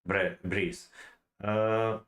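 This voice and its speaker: Brief: man, slow deliberate delivery, low voice, hesitant study-aloud tone. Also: steady tone, fairly bright tone, low-quality recording. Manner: halting, many fillers and restarts, non-native phrasing. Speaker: self-taught poetry learner. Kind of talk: thinking-aloud study session.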